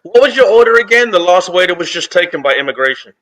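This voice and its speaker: A man playing as a comedian panelist on a comedy game show, firing off blunt, dark one-liners. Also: high-pitched, lively intonation, fast talker, poor audio.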